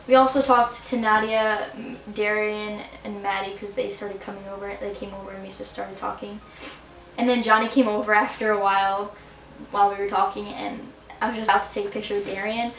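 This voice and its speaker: A teenage girl from the New area tells an excited, gushing story of meeting a singer, full of "like" and quick asides. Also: mid-range voice, distant mic. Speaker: vlogger. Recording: roomy and a bit off-mic.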